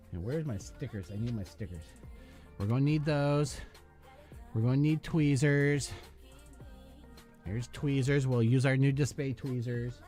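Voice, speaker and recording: A man's voice: medium pitch, warm tone. A man hosting a live hobby stream, chatting loosely with lots of fillers and half-finished thoughts while building a model kit. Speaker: hobby channel host.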